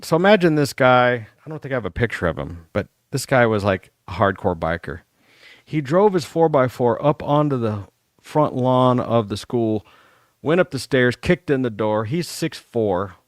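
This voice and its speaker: A middle-aged man hosting a talk show, telling rambling, profane stories about his school days in a casual, animated way. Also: medium pitch, no room sound, clean studio sound. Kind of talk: casual storytelling.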